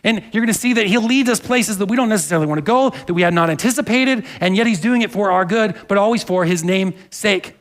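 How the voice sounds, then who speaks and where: Pastor, male, high-pitched; earnest conversational sermon with congregation asides. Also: fast talker, hardly any pauses. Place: church sanctuary.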